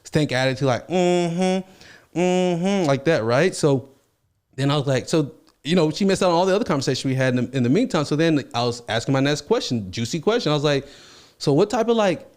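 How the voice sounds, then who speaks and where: A man's voice: mid-range voice, quick pace. A man hosting a podcast, telling stories casually and acting out the quotes in them. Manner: animated, acts out quotes in his stories. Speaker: podcast host. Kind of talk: casual storytelling.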